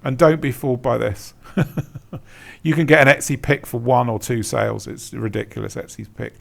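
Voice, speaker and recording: A man with a creaky, mid-range voice and fairly even intonation talks at a moderate pace as an Etsy consultant. Walking through a screen-share tutorial, he's blunt and emphatic, repeating words and chuckling at weak examples.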